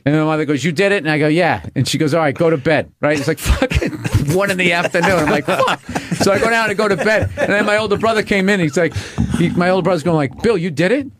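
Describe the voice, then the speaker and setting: A man telling animated, profane childhood stories as a guest comedian in a studio. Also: sits high, quick pace. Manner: animated, profane, laughing through anecdotes. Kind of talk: casual storytelling. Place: radio studio.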